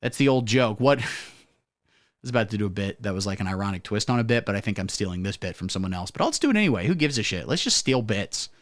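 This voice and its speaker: A man hosting a profane satirical comedy monologue with deadpan absurd jokes. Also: fairly low pitch, fast, no echo, studio quality. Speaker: comedy host.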